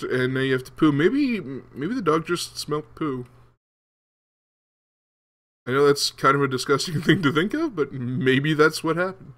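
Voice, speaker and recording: A man's voice: mid-range voice, a bit bright. A young man casually commenting as he plays a game, rambling with many ums and restarts. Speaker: gaming video host. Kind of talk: casual let's-play commentary.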